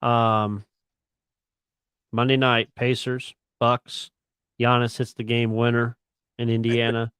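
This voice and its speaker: A man's voice: mid-range voice, completely flat delivery, slow pace, long pauses, a bit bright, clear, resonant tone, no room sound. A man co-hosting a sports radio show, blunt and opinionated as he rants about games. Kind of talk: casual sports chat.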